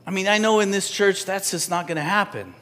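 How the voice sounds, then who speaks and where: A man preaching a sermon in a church, talking to the congregation in a conversational way that swings from loud and emphatic to soft, almost whispered. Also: sits high, fairly quick. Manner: conversational, with restarts and asides to the congregation. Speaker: pastor.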